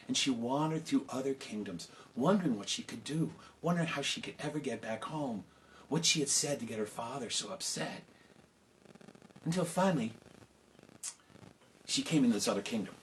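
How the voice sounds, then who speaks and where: A man telling a folk tale to children, lively and conversational with casual asides. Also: medium pitch, slight background noise, poor audio. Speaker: storyteller. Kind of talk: oral storytelling for children.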